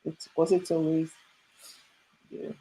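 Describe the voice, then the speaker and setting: Woman, low voice, animated guest storytelling, frequent laughs. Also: slow, slightly rough, poor audio. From Suriname. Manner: animated, laughs often, many "you know" fillers. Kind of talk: casual storytelling chat.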